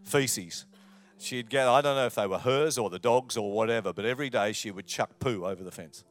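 Lively man preaching a sermon. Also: mid-range voice, brisk. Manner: lively preaching, swings between loud emphasis and quiet asides. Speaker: pastor. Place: church.

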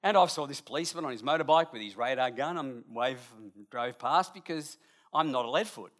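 A middle-aged man, telling a lively, chatty anecdote to an audience with asides along the way. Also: medium pitch, brisk. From Australia. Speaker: storyteller.

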